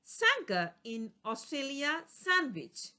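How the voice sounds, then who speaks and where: A woman teaching vocabulary in a bright, fairly high voice that rises and falls a lot. She works through word lists one by one, giving a short explanation and an example for each. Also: wildly swooping pitch, slow. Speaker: English teacher. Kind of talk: reading a vocabulary lesson.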